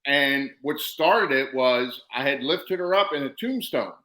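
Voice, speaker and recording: A man's voice: medium pitch, animated, unhurried, bright, forceful tone. A man hosting a casual wrestling podcast who speaks bluntly, with salty language, while he explains how the moves work. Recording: roomy echo.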